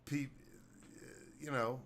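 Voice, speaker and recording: A man co-hosting a casual podcast, rambling through his answers, sarcastic and quick to laugh. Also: mid-range voice, fairly even intonation, a bit bright, a little hiss or hum. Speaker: podcast co-host.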